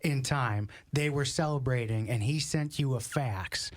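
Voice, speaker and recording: A man's voice: medium pitch, measured pace. A man asking playful, teasing questions in casual chat.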